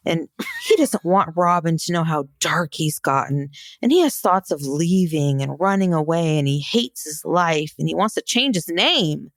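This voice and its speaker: A woman's voice: deep voice, lively intonation, normal speed, few pauses, no room sound, clean studio sound. A woman co-hosting a podcast in casual chat, exasperated and sarcastic. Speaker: podcast co-host.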